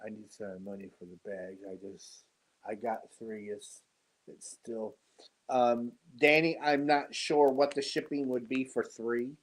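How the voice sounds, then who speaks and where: A tired, congested man hosting a casual live stream, greeting viewers and talking slowly with many pauses and fillers. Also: medium pitch, steady tone, poor audio. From United States. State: tired and congested after surgery. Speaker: host of a live yarn stream.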